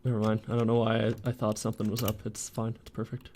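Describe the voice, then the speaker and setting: A man's voice: fairly low pitch, completely flat delivery, quick pace, a little mellow, a little hiss or hum. A man from Canada streaming his game development, muttering to himself in an exasperated, self-mocking way while he works at his computer. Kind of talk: livestream chat while 3D modeling.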